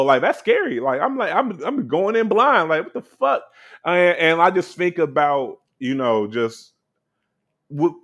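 A young man talking loosely and candidly, sprinkling his speech with fillers and curses. His voice sits a little high for a man. The delivery is relaxed, unscripted podcast chat. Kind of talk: casual chat.

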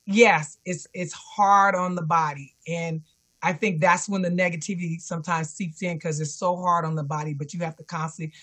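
Bright-voiced woman sharing her story. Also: lowish voice, steady tone, normal speed, breathy edge. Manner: earnest, repeats encouraging self-talk. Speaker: guest, cancer survivor and fitness instructor. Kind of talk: personal storytelling in an interview. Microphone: remote call connection.

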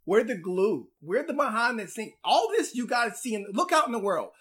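Husky, lively man telling animated stories. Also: high voice, normal speed. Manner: animated storyteller, acts out voices, laughs often. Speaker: podcast co-host. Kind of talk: casual podcast banter.

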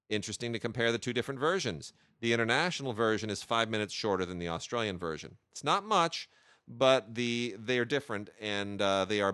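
A man hosts a casual chat about films, keen and full of hesitations. His low voice is bright and resonant. The recording is dry and close. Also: no echo. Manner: enthusiastic, with many hesitations and restarts. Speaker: podcast host reviewing film releases.

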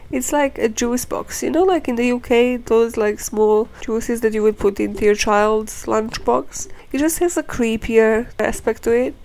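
A woman's voice: a little high, gravelly, darkish tone, poor audio. A woman hosting a true crime podcast, telling the case in a casual, chatty and irreverent way, swearing and filling her talk with "like".

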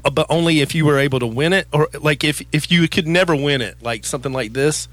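A man's voice: fairly high pitch, fast, a bit bright, dry recording. A man with a Southern US accent co-hosting a sports radio show, joking in easygoing banter.

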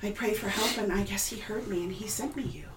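A woman voicing a calm female elephant-folk priestess in a tabletop game, soft and hushed, in an echoey room. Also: medium pitch, fairly quick, far from the mic, noisy background, natural voice. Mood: pleading. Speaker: game master voicing a character.

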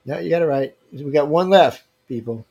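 A man's voice: on the high side, moderate pace, vocal fry, a little mellow, slightly rough, dull audio. A man hosting a casual livestream giveaway, reading viewer emails aloud and teasing them with loose slang. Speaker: livestream host running a giveaway.

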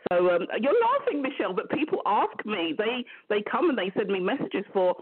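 Brisk and very animated, a woman with a London English accent, from England, joins a live show by remote call as a business mentor guest. Her mid-range voice is chatty and upbeat, repeating phrases over a noisy background and a tinny, phone-like line.

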